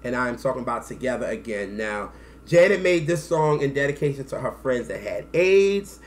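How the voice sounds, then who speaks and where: Man, thirties, casual storytelling to camera, slangy, lively, emotional. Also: mid-range voice, normal speed, a little hiss or hum. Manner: animated, acts out quotes, slangy. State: emotional, close to tears. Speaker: music vlogger.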